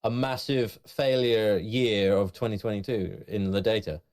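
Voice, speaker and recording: A man with a fairly low voice, talking casually on a podcast. He is easygoing and jokey, leaning on fillers as he goes. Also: fairly even intonation, unhurried, a little mellow. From southwest England. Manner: easygoing, filler-heavy, joking. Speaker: podcast co-host. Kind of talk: casual chat.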